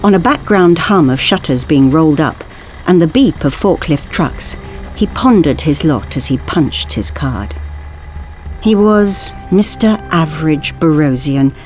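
A woman reading a science-fiction story aloud in a measured, expressive way. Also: low voice. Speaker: audiobook reader. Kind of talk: scripted narration.

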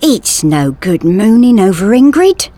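A woman's voice: mid-range voice, sing-song, moderate pace, husky, pitched above the performer's own voice. A woman voicing a chummy working man who talks in a chirpy, blokey way, in a storybook reading.

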